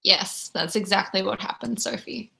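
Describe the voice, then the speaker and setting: A woman's voice: medium pitch, normal speed, gravelly, pushed and bright. A young Australian woman with an Australian accent, chatting casually to viewers as a livestream host from home. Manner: chatty, reads and answers chat. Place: home room.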